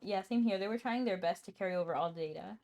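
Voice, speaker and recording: A chatty woman streams a game and talks casually with her viewers, laughing often and stopping now and then to cough. Her voice sits at an ordinary middle pitch. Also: fast, darkish tone. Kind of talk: casual live-stream chat.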